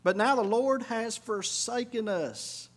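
A high-pitched man preaches a sermon. He drops low and quiet when he reflects, then climbs into loud, emphatic runs. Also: takes it slowly. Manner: preaching with sudden rises in pitch and volume. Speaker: pastor.

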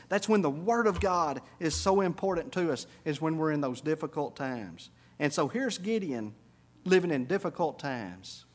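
A high-pitched man preaches a sermon. He drops low and quiet when he reflects, then climbs into loud, emphatic runs. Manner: preaching with sudden rises in pitch and volume. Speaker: pastor.

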